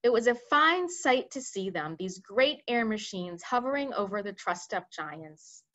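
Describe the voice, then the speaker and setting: A woman reading a children's book aloud expressively, pausing now and then to speak to her listeners. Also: medium pitch. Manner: expressive, addresses listeners directly. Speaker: library read-aloud reader. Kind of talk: storybook read-aloud.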